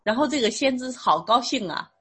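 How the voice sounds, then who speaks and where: A woman interpreting a sermon phrase by phrase, steady and rephrasing with small fillers. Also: fairly high pitch, brisk, breathy edge.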